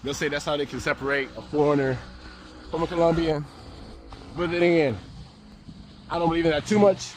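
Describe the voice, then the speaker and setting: A young American man vlogging outdoors, talking in a slangy, laid-back, animated way as he walks city streets. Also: fairly high pitch, brisk, pauses often, slight background noise. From United States. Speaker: travel vlogger. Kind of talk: casual walk-and-talk vlog.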